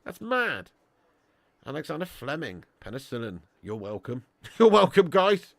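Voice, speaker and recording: A man's voice: on the high side, very animated, unhurried, gravelly, a bit bright, dry recording, studio quality. A man hosting a live football watch-along, reading out viewer messages and joking with cheeky boasts and lots of laughter. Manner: banter-heavy, laughs often, joking boasts. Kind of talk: live-stream chat reading super chats.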